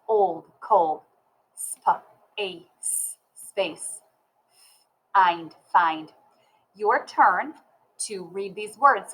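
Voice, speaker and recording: A woman's voice: mid-range voice, fairly bright tone, poor audio. A woman teaching a reading lesson, sounding words out syllable by syllable and spelling them letter by letter.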